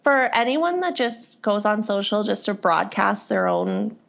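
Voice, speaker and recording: A woman talking casually as a guest in an interview, frank and breezy, laughing often. Her voice has a gravelly fry, and the recording sounds a little dull. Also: mid-range voice, expressive, measured pace. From Canada. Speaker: guest, social media strategist.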